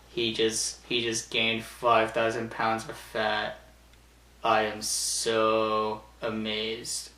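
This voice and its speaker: Ranking TV shows in a loose, chatty vlog, a man from Canada keeps stumbling and starting over. He has a mid-range, fairly bright voice. The recording sounds echoey, picked up by a distant mic.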